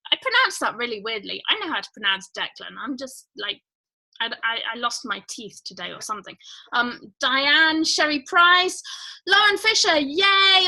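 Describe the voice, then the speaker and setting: A woman hosts a casual livestream in a high, bright voice with a forceful tone, over poor audio. She rambles with plenty of fillers and greets viewers one at a time.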